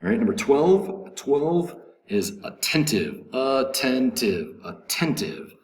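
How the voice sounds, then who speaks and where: A man teaching English vocabulary. He repeats each word slowly, marks its stress and says "um" and "uh" between points. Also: on the high side, big pitch swings, a little mellow, echoey room, rough recording. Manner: slow, repetitive pronunciation drilling with fillers. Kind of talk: recorded vocabulary lesson.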